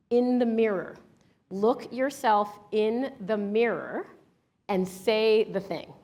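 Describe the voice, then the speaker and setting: A woman leading a live workshop, answering audience questions in an energetic, emphatic, conversational way. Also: medium pitch. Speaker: workshop leader.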